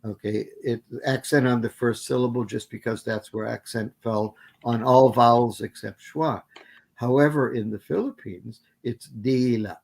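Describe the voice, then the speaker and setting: A man answers audience questions during a guest lecture, rambling on and frequently correcting himself with fillers. His voice is mid-range and creaky, with fairly even intonation and a moderate pace, typical of an academic Q&A.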